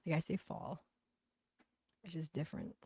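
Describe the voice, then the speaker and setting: A woman's voice: low-pitched, fairly even intonation, a little slow, gravelly, dark tone, no room sound. A woman from New Bedford with a Boston accent, a livestream host chatting casually and bluntly with viewers, swearing and gossiping as she reads comments. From New Bedford, Massachusetts.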